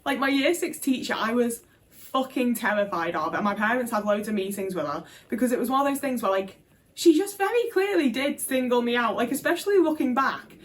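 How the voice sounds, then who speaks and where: A woman's voice: on the high side, animated, fairly quick, a little hiss or hum. A young woman speaking frankly to camera, swearing often and restarting her sentences in a casual vlog. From Britain. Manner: frank, frequent swearing, emphatic; many fillers and restarts. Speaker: vlogger.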